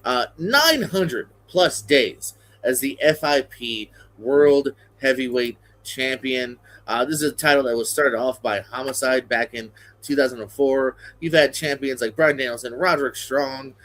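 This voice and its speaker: A man's voice: mid-range voice, a little slow, hardly any pauses, fairly bright tone. A male host asking an interview guest questions and reading out wrestling history with lots of fillers. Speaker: podcast host.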